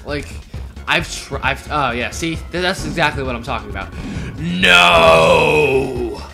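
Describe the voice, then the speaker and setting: A man's voice: medium pitch, expressive, brisk. A young man giving rambling, joking commentary on a video game he is playing, with lots of fillers. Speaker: let's play commentator. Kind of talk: casual gameplay commentary. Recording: game music behind.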